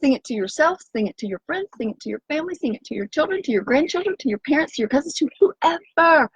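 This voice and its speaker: A woman's voice: high voice, lively intonation, fast, no room sound, lo-fi sound. A woman hosting an upbeat live stream outdoors by the sea, talking in an exuberant, sing-song way and breaking into chants and cheers. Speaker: organic nutrition coach and live-stream host. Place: outdoors by the sea on a windy day.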